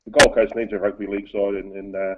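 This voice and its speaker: A man's voice: fairly low pitch, level tone, fast, very noisy. A man giving blunt, opinionated rugby league analysis in a casual sports chat, calling in by phone. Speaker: co-host and sports pundit. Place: Gold Coast, over the phone. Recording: tinny phone line.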